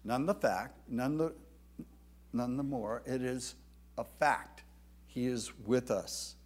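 A man preaching a sermon, swelling to loud, emphatic declarations when he quotes scripture. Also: mid-range voice, slow pace. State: tired from little sleep. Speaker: pastor.

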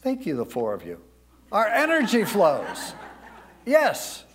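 A male pastor preaching a sermon in a dramatic way, swinging between loud declaiming and hushed near-whispers and stretching out words for emphasis. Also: high voice, huge pitch swings, takes it slowly.

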